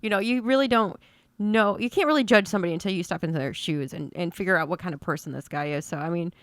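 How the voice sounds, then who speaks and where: A woman's voice: lowish voice, fast, dry recording, studio quality. A woman co-hosting a podcast in casual chat, blunt and opinionated, swearing freely. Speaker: podcast co-host.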